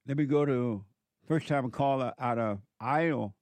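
A man's voice: medium pitch, measured pace, darkish tone, no room sound. Emphatic male talk-radio host, dry studio. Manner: emphatic, preachy, repeats phrases.

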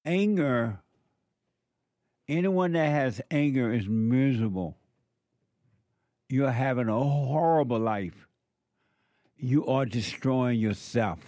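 A man's voice: medium pitch, slow, pauses often, mellow, no room sound. A man preaching a sermon, emphatic and repetitive as he addresses a live audience.

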